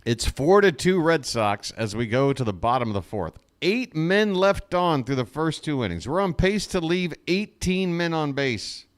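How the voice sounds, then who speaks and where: A man doing live fan play-by-play of a baseball game, exasperated and sarcastic, with jokey asides between pitches. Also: big pitch swings, moderate pace, few pauses, clear, resonant tone. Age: adult.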